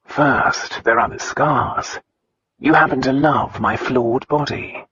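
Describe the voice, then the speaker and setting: A man reading an audiobook, voicing an arrogant nobleman husband who is gruff, blunt and dryly teasing. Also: mid-range voice, slow pace, pushed and bright, lo-fi sound, full character voice. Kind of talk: audiobook dialogue.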